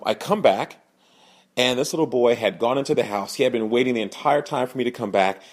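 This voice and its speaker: A young man tells a personal story on his podcast, earnest and animated. His voice sits at an ordinary middle pitch. He jumps higher whenever he quotes the people in the story. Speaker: podcast host, sales speaker.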